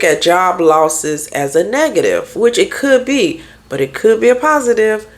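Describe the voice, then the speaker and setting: A woman's voice: mid-range voice, expressive, a little slow, hardly any pauses. A woman therapist and life coach talking candidly in a casual podcast monologue, firing off rhetorical questions to her listeners.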